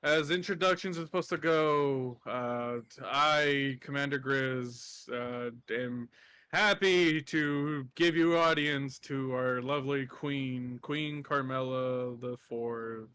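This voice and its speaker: A man's voice: mid-range voice, slow, bright, forceful tone, smooth. A man voicing a weary grumpy bear commander. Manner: tired, grumbling, sighing.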